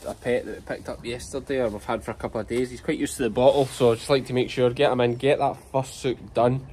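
A man's voice: medium pitch, fairly even intonation, quick pace, a little mellow, slight background noise. A Scottish man, a sheep farmer, chatting casually to the camera while he works sheep with his dog on a hillside. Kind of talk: casual vlog narration while working. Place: outdoors on a farm hillside.

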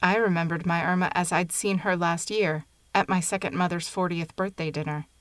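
A woman narrating a short story in a measured, even storytelling manner. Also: lowish voice, no echo.

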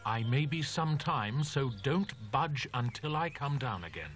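An actor playing a grim, determined young male student in a horror audiobook drama, speaking firmly and deliberately. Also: medium pitch, animated, fairly bright tone, faint music behind.

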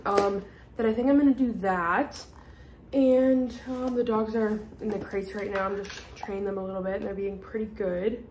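A woman's voice: medium pitch, fairly even intonation, moderate pace, a little mellow, slight background noise. A young adult woman vlogging casually into a handheld phone, rambling with lots of "like" and "um". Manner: rambling, fillers like "like" and "um". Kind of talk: casual chatty vlog. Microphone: handheld phone at arm's length.

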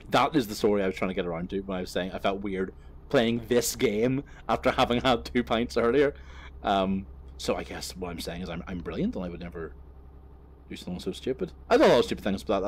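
A man talks while driving his truck, rambling through stories with lots of swearing and fillers. His pitch sits mid-range but moves about a lot. He laughs at himself as he goes. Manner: swearing, self-mocking, rambling with many fillers. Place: inside a truck cab on the road.

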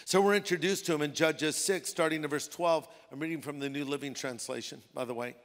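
Male pastor, high voice, casual storytelling sermon in a reverberant auditorium. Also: fairly even intonation, brisk, a bit bright. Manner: conversational preaching with playful put-on voices. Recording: long hall reverb.

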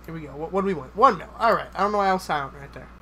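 A man giving live gameplay commentary, excitable and joking, swearing often and chattering in rapid bursts. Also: a little high, slight background noise.

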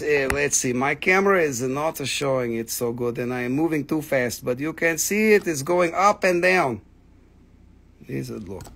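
A man hosting a live gemstone sales stream from home, excitable and casually swearing as he calls out prices. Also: fairly high pitch. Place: home, with his dogs nearby.

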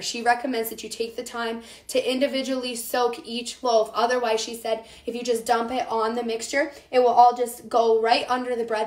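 A young woman hosts a relaxed cooking demo from her home kitchen, chatting with viewers she calls "you guys" and answering their comments. Her voice sits fairly high and she's recovering from having lost it. The room is echoey, with faint noise in the background.

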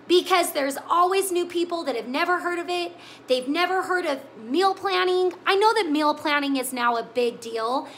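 A woman's voice: sits high, sharp tone, a little hiss or hum. A woman hosting a live cooking stream, chatting with viewers in an emotional, tearful way. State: crying. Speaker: cooking show host. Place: home kitchen.

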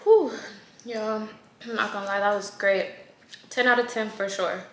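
A woman's voice: medium pitch, fairly even intonation, moderate pace, a bit bright. A woman vlogger chatting casually in slang while eating, with a runny nose. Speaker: food vlogger. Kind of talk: casual mukbang chat to camera. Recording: echoey room with faint noise.

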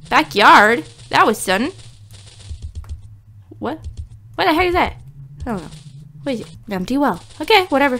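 Woman gamer, very lively high delivery, panics and screams easily during a horror playthrough. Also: a little hiss or hum. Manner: excitable, screams and talks to objects. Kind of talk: horror game commentary.

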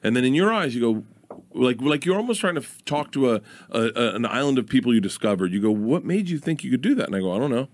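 A man telling stories loudly in casual podcast chat, laughing often and swearing freely. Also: mid-range voice, animated, fast, no room sound. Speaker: podcast guest.

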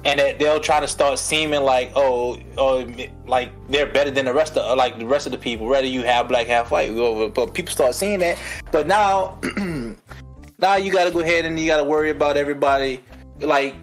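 A man's voice: mid-range voice, brisk, faint music behind, rough recording. A man co-hosting a podcast in casual chat, rambling and searching for his words. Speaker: podcast co-host.

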